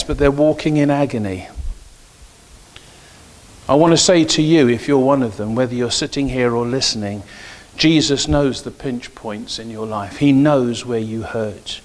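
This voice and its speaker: A middle-aged male pastor preaching in church at an ordinary pitch for a man. He moves from easy anecdotes into firmer, emphatic points, pressing his key lines home. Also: unhurried. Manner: storytelling, grows emphatic and preachy. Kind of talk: sermon with personal stories.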